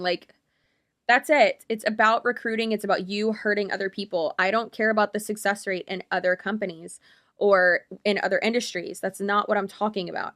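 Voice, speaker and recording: A woman's voice: medium pitch, a bit bright. A woman YouTuber giving blunt, opinionated reaction commentary, rambling with lots of fillers.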